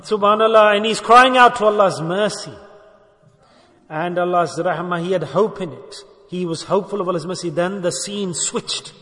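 A man's voice: sits high, normal speed, sharp tone, long reverb tail. A man delivering an emotive sermon, telling a story and rising into impassioned exhortation. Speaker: preacher.

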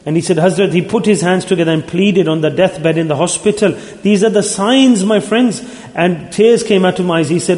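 A man's voice: sits high, fairly quick, darkish tone. A man preaching a sermon as a religious teacher at a mosque gathering, in an earnest, pleading, repetitive way. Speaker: Sufi religious teacher leading dhikr gatherings. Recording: roomy hall with long echo.

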